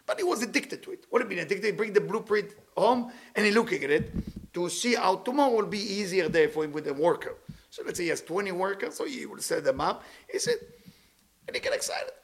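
A man giving a motivational spiritual talk in English with dropped words, playful and animated, stacking words in long repeated lists. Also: high voice, fast. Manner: speaks non-native English with dropped words.

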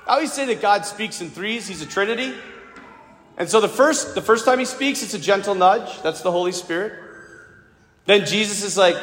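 High-voiced priest telling a story in an echoing church. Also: male voice, animated, moderate pace, fairly bright tone, slight background noise. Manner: personal storytelling, asks the congregation questions directly. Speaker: Catholic priest. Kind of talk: sermon. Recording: echoey hall with long reverb.

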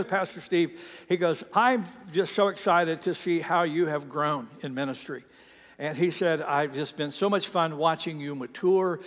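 A man in his fifties with a fairly high voice preaches a sermon as a pastor in a large church sanctuary hall. Chatty and self-deprecating, he tells a story from his early ministry.

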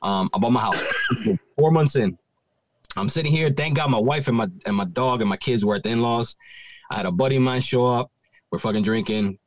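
A man's voice: mid-range voice, a little fast. A man in his thirties telling a story in casual chat, swearing constantly and acting out what people said. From Puerto Rico heritage, living in Philadelphia. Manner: swears constantly, animated retelling with acted-out quotes. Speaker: podcast co-host.

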